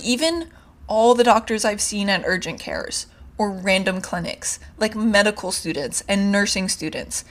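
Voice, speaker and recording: Brief: young woman, solo podcast storyteller, frank and fed up, mid-pitched. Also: fairly bright tone. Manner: candid, exasperated, swears freely. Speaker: podcast host. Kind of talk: casual storytelling monologue.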